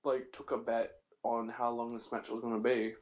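A man's voice: mid-range voice, little pitch movement, normal speed. A man co-hosting a casual podcast, joking and laughing often. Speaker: podcast co-host. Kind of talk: casual chat.

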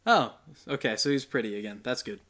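A man's voice: medium pitch, fairly quick, a bit bright. A man hosting a podcast in casual, joking chat with his co-host. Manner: joking, wry, chatty.

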